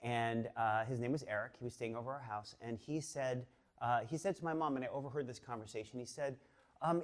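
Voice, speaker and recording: This Boston-area man in his fifties is sharing a personal story with a live audience from a stage, chatty and animated, with lots of fillers and restarts. His voice sits at a medium pitch and moves fairly quickly.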